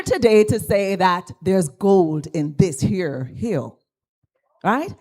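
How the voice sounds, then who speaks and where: A Jamaican woman pastor giving a lively speech at an awards ceremony in a church, drawing the audience into call and response. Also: fairly low pitch, measured pace. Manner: animated, engages the audience, asks for call and response. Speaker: guest speaker, pastor. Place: church hall.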